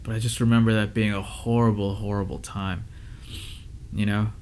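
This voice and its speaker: A young adult man, an audio engineer, talking candidly to camera, giving advice and telling a rough story with lots of fillers and restarts. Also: fairly low pitch, fairly even intonation, normal speed, fairly bright tone. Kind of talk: casual advice talk to camera.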